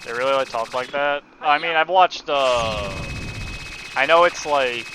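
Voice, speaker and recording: A man's voice: mid-range voice, unhurried, background noise. A man chatting casually with his viewers while playing a speedrun, laughing at his own mistakes. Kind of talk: casual live-stream chat while gaming. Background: loud game music.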